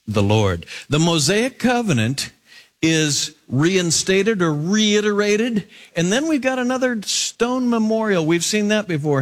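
Man preaching a Bible sermon. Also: on the high side. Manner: reads scripture then comments with emphatic rises. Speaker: pastor.

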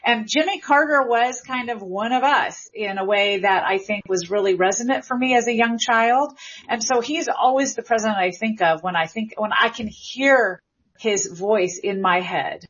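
Husky middle-aged woman from the South. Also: a little high, fairly bright tone. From American South. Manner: thoughtful, reflective, drawn-out phrasing. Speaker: guest linguist. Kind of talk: explanatory conversation. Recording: muffled lo-fi audio.

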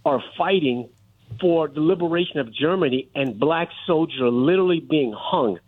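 A middle-aged man calls in to a radio show, his voice a bit high for a man and squeezed through a tinny phone line. He argues insistently and keeps the floor when interrupted. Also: animated, moderate pace, breathy edge. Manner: insistent, argumentative, holds the floor. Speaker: caller. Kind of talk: call-in radio talk.

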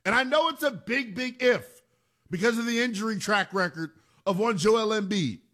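A man's voice: high voice, moderate pace, pushed and bright. A man hosting a sports talk radio show, delivering an emphatic monologue and repeating phrases for punch.

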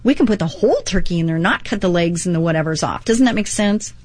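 A woman's voice: fairly low pitch, lively intonation, fast, darkish tone, dry recording. Earnest woman radio host, dry mic. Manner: earnest, encouraging, reads devotionals aloud with asides. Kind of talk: Christian inspirational radio talk.

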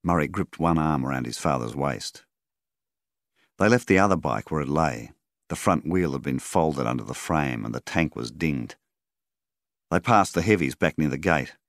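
A very deep, gravelly Australian man narrates a rural story in steady storybook fashion. His delivery rises and falls with lively intonation, and the recording is close and dry. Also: moderate pace, no room sound. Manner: steady storyteller, voices the characters. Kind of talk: audiobook narration.

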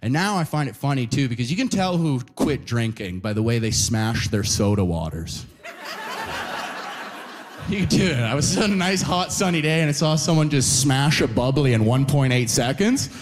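A man from Canada doing a stand-up comedy set on a club stage, telling a story with tag questions and shouting high impressions of the people in it. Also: expressive, moderate pace.

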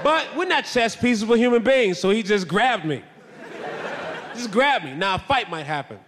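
High-voiced boisterous male comedian. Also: normal speed, in a large hall, slight background noise. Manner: animated, boisterous, self-mocking. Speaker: stand-up comedian. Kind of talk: stand-up storytelling.

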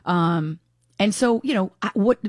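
A woman's voice: mid-range voice, animated, unhurried, dry recording, clean studio sound. A woman hosting a talk radio show, chatting frankly and giving her opinions in a casual, unscripted way. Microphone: studio microphone.

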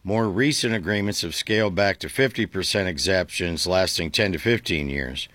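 A man's voice: deep voice, normal speed, a bit bright, dry recording. A male talk show host reading the news aloud with sarcastic, mocking asides.

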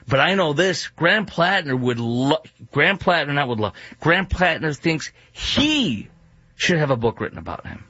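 A male talk show host in a Dallas studio delivers an indignant, opinionated rant full of fillers and restarts. His voice is mid-range with a fairly bright tone, captured in a dull, dry studio recording.

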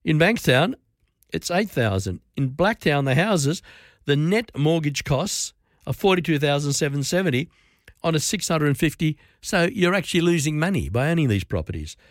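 A man's voice: fairly high pitch, very animated, moderate pace, no room sound, studio quality. A man with an Australian accent hosting talk radio, giving opinionated commentary in a conversational way and reeling off figures with asides. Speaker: radio host.

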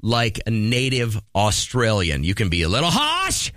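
A man with a lowish voice hosting a morning radio show. His delivery is upbeat and joking as he moves between banter and a contest promo. Soft music plays underneath. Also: moderate pace, no room sound.

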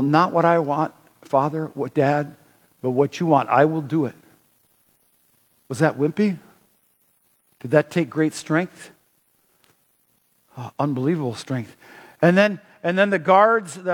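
Emphatic male preacher, high-pitched, sermon ringing through a large hall. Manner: animated, emphatic, many restarts.

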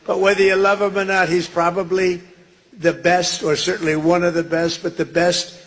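A man's voice: sits high, little pitch movement, normal speed, fairly bright tone. An older man giving a rally speech, rambling with joking asides. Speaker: politician speaking at a rally.

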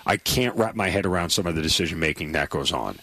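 A man's voice: sits low, lively intonation, quick pace, bright, forceful tone, breathy edge, no room sound. A man hosting a casual sports talk show, sarcastic and exasperated, stammering when he gets worked up. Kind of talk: casual sports commentary chat.

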